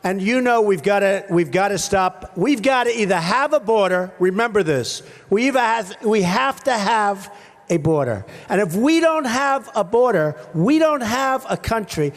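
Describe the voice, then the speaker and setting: High-pitched man shouting a rally speech. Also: expressive, normal speed. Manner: rambling, repetitive, punchy short phrases, shouting to the crowd. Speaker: political candidate at a rally. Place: large rally venue with a crowd. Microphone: stage microphone.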